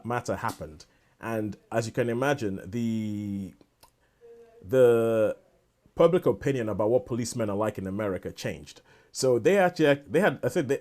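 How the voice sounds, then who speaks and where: Male podcast co-host, mid-pitch, rambling and eager, trips over his own sentences. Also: darkish tone. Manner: rambling, restarts sentences often. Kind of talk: casual chat.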